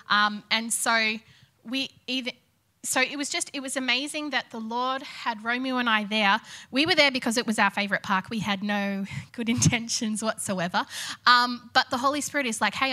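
A pregnant woman sharing an excited, chatty testimony in a church service. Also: on the high side, moderate pace. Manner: enthusiastic, chatty, laughs between lines. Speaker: church speaker. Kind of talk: testimony sermon. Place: church hall.

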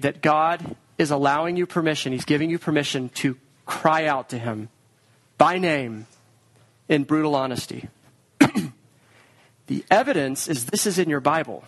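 A man preaching a sermon in an earnest way, sometimes voicing quoted lines in a raised pitch. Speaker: pastor.

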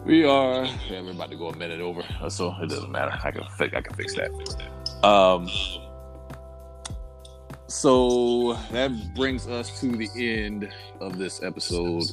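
A man with a Southern US accent hosts a podcast in a relaxed, profane way. His voice sits fairly low. Faint music runs in the background. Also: a little slow. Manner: loose, profane, laid-back. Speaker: podcast host. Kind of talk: casual podcast chat.

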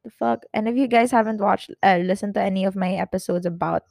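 Tearful young woman confiding, gravelly edge. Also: mid-range voice, quick pace, a little mellow, no room sound, studio quality. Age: young adult. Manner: emotional, rambling, with many restarts and fillers. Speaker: podcast host. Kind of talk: personal confessional chat.

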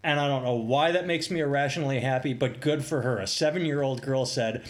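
A man's voice: medium pitch, a little fast, hardly any pauses. A man co-hosting a podcast, telling news stories in a loose, joking way and laughing often. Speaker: podcast co-host. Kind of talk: casual podcast chat.

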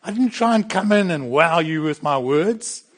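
A man's voice: a little high, expressive, normal speed. A middle-aged man preaching a sermon in a plain, conversational way, with bursts of emphasis. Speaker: pastor.

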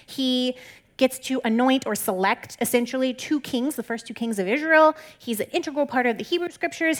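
Candid, conversational woman teaching the Bible. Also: on the high side. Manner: conversational and candid, with frequent "like" fillers; encouraging and reassuring.

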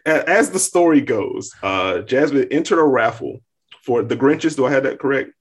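A man's voice: mid-range voice, animated, moderate pace, husky. A young man co-hosting a podcast, talking casually with lots of hedging and amused asides. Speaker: podcast co-host. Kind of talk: casual chat.

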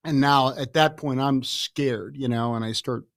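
A man in his sixties from the Chicago area, telling stories as a podcast guest in a lively way, often laughing and repeating words. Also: mid-range voice, measured pace, no echo, studio quality. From Chicago area, USA. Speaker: guest, author. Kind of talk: anecdotal storytelling in a podcast interview.

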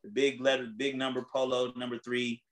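A man hosting a casual chat, retelling a story in animated, slangy, profane talk. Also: mid-range voice, brisk, rough recording.

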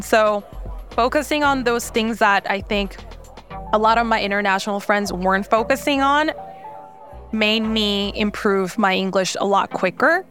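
A young woman whose first language is Korean speaks with a light Korean accent in a relaxed interview. She talks freely, leans on fillers and laughs between thoughts. Faint music plays under her voice. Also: medium pitch, normal speed. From South Korea. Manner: chatty, many fillers, laughs often. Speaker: startup founder, interview guest. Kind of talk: casual interview talk.

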